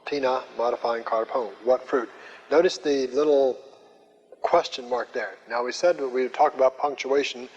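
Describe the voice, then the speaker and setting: An older man teaching a Greek class, speaking slowly and methodically with frequent pauses and fillers. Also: medium pitch, fairly even intonation. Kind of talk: classroom lecture. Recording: muffled old lecture recording with long hall reverb.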